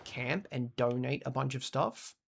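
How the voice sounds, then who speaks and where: A man's voice: medium pitch, unhurried, gravelly, crowd noise. A man from Australia with an Australian accent, casually chatting and swearing while streaming a game and reading out chat.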